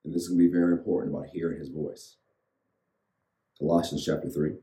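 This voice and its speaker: Deep-voiced man preaching, echoey room. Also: steady tone, fast, dark tone. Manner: rhythmic repetition, leads audience in reciting. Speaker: pastor. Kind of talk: sermon with call-and-response.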